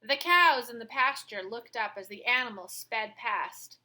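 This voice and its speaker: A woman reading a children's picture book aloud with expressive storytelling. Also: on the high side, unhurried, few pauses, low-quality recording.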